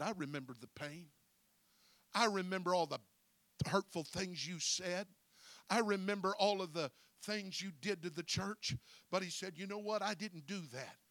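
A male pastor delivers a folksy sermon, peppering his phrases with "uh" and swinging between quiet storytelling and shouted preaching. His voice is high and unhurried, with long pauses and no room sound.

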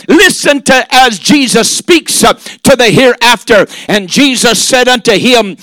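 A man preaching a sermon, emphatic, drawing out and shouting key lines, with many "uh"s and "amen"s. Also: extremely high pitch, normal speed, hardly any pauses, no room sound. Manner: emphatic, punctuated with frequent "uh" and "amen".

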